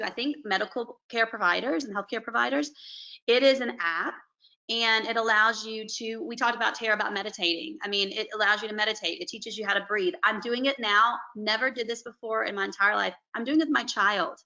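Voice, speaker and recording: A periodontist woman from Alabama, talking earnestly and warmly over a video call on a panel. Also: a little high, fairly even intonation, brisk, vocal fry, low-quality recording. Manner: earnest, effusive, says "y'all".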